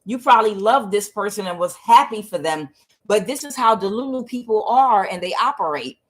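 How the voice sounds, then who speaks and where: A woman doing a tarot reading for her channel viewers, talking casually, swearing now and then and swinging between low mutters and loud excited bursts. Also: moderate pace. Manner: swears casually, addresses viewers as guys and y'all. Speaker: tarot reader.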